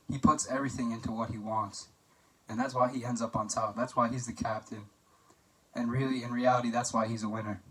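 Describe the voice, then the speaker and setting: A man's voice: mid-range voice, fairly bright tone, distant mic, low-quality recording. A young man giving a casual, joking best-man toast for a class assignment, telling anecdotes with plenty of fillers.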